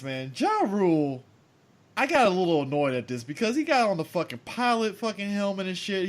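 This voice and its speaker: A man co-hosting a casual movie review podcast, talking bluntly and with lots of swearing, sounding exasperated. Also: on the high side. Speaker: podcast co-host.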